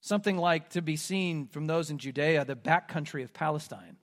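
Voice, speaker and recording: A man's voice: on the high side, moderate pace. A man from the American Midwest preaching a sermon as pastor, explaining scripture and acting out quoted lines.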